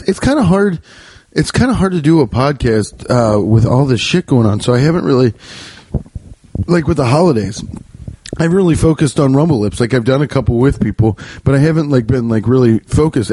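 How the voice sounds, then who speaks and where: Rambling, joking man with a warm, mellow voice. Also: mid-range voice, dry recording. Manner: loose, joking, self-interrupting. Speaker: podcast host and comedian. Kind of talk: casual rambling podcast monologue. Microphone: podcast microphone.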